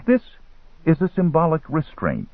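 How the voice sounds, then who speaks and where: A man reading an audiobook, voicing a calm, scheming male merchant who works spells, smooth and quietly menacing. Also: fairly high pitch, a little slow, no echo, voice pushed up, full character voice. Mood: taunting. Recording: tinny phone-like line.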